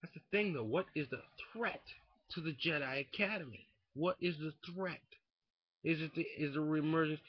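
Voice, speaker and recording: A young man ranting casually into a webcam indoors, profane and rambling, swinging from muttering to shouting. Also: a little high, creaky, slightly rough, dry recording. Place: indoors at home. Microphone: webcam mic. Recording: dull lo-fi webcam audio.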